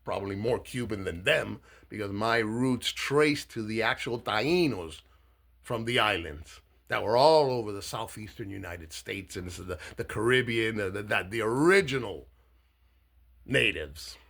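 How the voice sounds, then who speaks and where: A Cuban-born man, a political candidate, giving a profane, blunt political monologue that swings between low asides and shouting. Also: lively intonation, a little slow, vocal fry. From Cuba.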